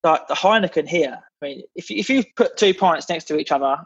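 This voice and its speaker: A man's voice: a little high, fairly quick, breathy edge, highs cut off. A man from England, a podcast guest in casual chat, blunt and swearing, with many restarts as he grumbles.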